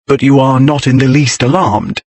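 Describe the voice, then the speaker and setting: A man's voice: medium pitch, flat delivery, normal speed, dry recording, natural voice. A man voicing a big, brooding aristocrat who drawls with sardonic wit.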